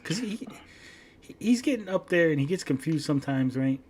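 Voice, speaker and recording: A man hosting a podcast, telling a long profane story in a casual, animated way and acting out both sides of an argument. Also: on the high side, a little fast, slight background noise. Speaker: podcast host.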